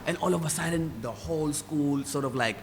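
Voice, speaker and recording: A young South African man with a Durban accent tells relaxed, meandering stories about growing up. He switches into Zulu now and then and does quick impressions of others. His voice carries a long hall reverb over faint ambient noise. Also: fairly high pitch. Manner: relaxed, rambling, mixes in Zulu phrases and mimics voices. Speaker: guest musician. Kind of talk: casual interview storytelling.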